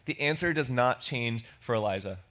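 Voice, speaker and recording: A man's voice: medium pitch, expressive, moderate pace, a bit bright. Guy pastor giving a sermon in church, chatty, voices the quotes. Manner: conversational, acts out quoted lines.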